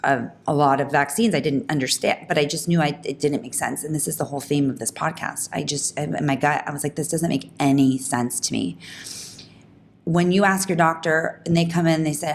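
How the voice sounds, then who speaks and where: A woman hosting a podcast, telling a personal story in an animated, emphatic way, with quick restarts. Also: a little hiss or hum. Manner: animated, fast talking with frequent restarts; emphatic, rising pitch when indignant. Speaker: podcast host.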